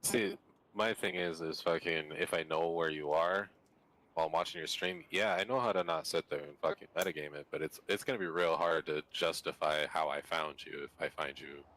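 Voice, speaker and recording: A man's voice: extremely low pitch, fairly even intonation, a little fast, a bit bright, poor audio. A man in casual conversation about gaming, laid-back and swearing now and then. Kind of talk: casual chat.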